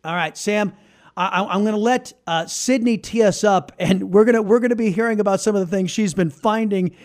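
High-pitched guy hosting a talk podcast, leans hard on his points. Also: darkish tone. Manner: emphatic, slows down to stress points. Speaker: podcast host. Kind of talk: conservative political talk.

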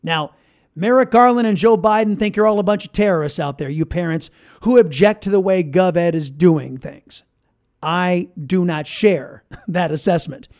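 A man hosting a political talk podcast, emphatic, slowing down to stress his points. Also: sits high, darkish tone. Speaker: podcast host.

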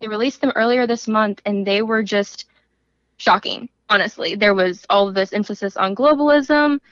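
A woman correspondent, a podcast guest, explaining her reporting briskly and with indignation. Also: mid-range voice, dry recording. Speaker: news correspondent. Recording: dry, dull remote audio.

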